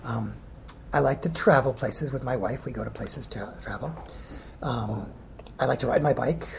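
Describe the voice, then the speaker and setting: A man's voice: mid-range voice, normal speed, creaky, a little hiss or hum. A middle-aged man, a children's poet, answering interview questions casually, rambling and hesitant with many ums.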